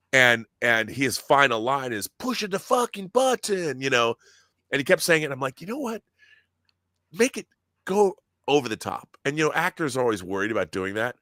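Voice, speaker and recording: A man telling excited, geeky stories in casual podcast chat, often acting out quotes and restarting his sentences. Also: mid-range voice, dry recording, clean studio sound. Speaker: guest, audio drama producer.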